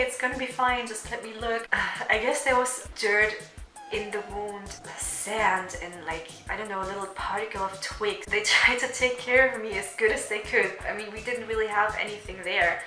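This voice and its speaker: A woman's voice: medium pitch, sharp tone, roomy sound, poor audio. A woman in her twenties telling a personal story in a casual vlog, chatty and laughing often between lines. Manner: chatty, laughs often, fillers like "you know". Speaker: vlogger.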